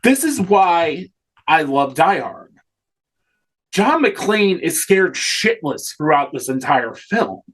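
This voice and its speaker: A man's voice: on the high side, big pitch swings, slow, a bit bright, husky. A man co-hosting a casual film discussion, enthusiastic and swearing freely. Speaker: podcast co-host.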